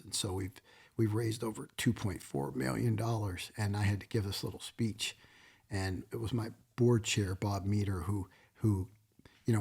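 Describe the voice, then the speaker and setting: A man's voice: fairly low pitch, creaky, a little mellow, slightly rough. A man being interviewed as a guest, telling stories in an emotional, folksy way. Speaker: museum founder and guest. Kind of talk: casual interview storytelling.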